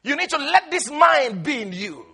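A male pastor preaching a sermon, emphatic, stretching his words out and breaking into shouts. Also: very high-pitched, sing-song, moderate pace.

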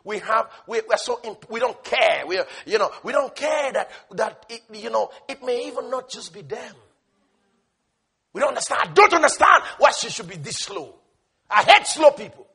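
Male preacher, very high and bright, passionate and repetitive, from shouts to hushes. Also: slightly rough. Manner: repetitive, emphatic. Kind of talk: sermon.

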